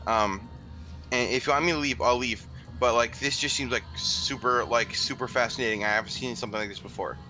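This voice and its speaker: A man's voice: mid-range voice, steady tone, a little fast, sharp tone, faint music behind, close to an everyday voice, rough recording. A man voicing a nervous, curious male rat who rambles and stammers. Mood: flustered.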